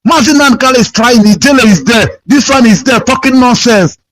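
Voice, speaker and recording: A man's voice: very high voice, lively intonation, a little fast, a bit bright. A Nigerian man calling in to a radio show, complaining in an aggrieved, repetitive, pleading way over a phone line. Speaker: caller.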